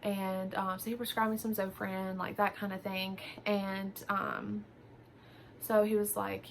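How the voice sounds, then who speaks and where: Young woman, vlogger, gravelly vocal fry, casual story time, faint background hiss. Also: medium pitch, little pitch movement, unhurried. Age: young adult. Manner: chatty, full of fillers and quoted dialogue.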